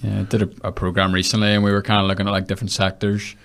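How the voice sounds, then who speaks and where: A man's voice: fairly low pitch, completely flat delivery, rapid-fire, creaky, fairly bright tone. A man hosting a podcast, asking questions in a chatty, loose way. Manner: chatty, many fillers like "kinda". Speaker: podcast host. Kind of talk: casual interview.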